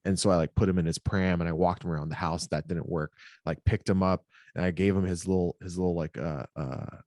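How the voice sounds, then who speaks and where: A man's voice: deep voice, fairly even intonation, brisk, a little mellow, no room sound, studio quality. A man talking in a casual podcast conversation, a new father telling a story at a rambling pace with many filler words.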